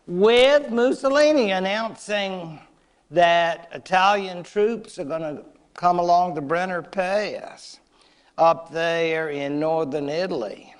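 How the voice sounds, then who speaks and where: A man giving a history lecture to adult learners, chatty and wry with playful asides. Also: on the high side.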